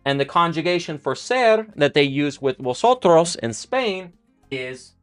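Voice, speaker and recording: A man's voice: a little high, animated, unhurried, clear, resonant tone, no echo, faint music behind. A man teaching a casual live-streamed Spanish lesson, thinking aloud with fillers and restarts while he writes out conjugations.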